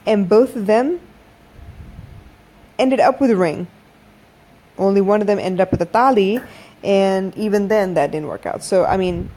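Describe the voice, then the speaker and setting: A woman's voice: medium pitch, unhurried, long pauses, warm tone. A woman in her thirties hosting a late-night podcast, chatting frankly with listeners and calling them y'all. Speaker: podcast host. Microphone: phone-recorded live audio.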